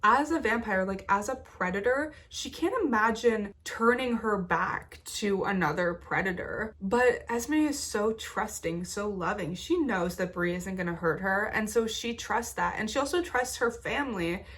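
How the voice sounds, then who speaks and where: A woman's voice: medium pitch, expressive, measured pace, few pauses, a bit bright. Chatty sick woman recapping a book. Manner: chatty, filler-heavy, emotionally invested. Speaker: book vlogger. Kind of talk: casual reading vlog recap.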